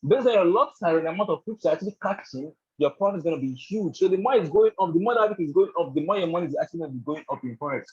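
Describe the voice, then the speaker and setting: Rapid-fire and with few pauses, a man's slightly high, expressive voice runs a live online trading bootcamp, sounding a little mellow and rough with the highs cut off. As the instructor, he repeatedly checks in with "do you understand?" and "right?" and leans on "actually" and "all of that."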